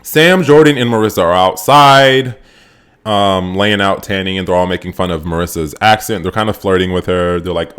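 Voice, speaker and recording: A man casually recapping a reality show episode, sarcastic and animated, swearing freely as his voice jumps up with excitement. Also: low-pitched, normal speed, clean tone. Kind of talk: casual profane recap commentary.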